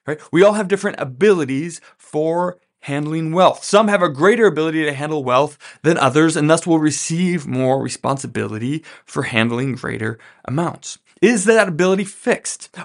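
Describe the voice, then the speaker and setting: A man hosting a podcast, teaching about money from a Bible story in a casual way and often checking in with "right?". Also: on the high side. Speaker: podcast host.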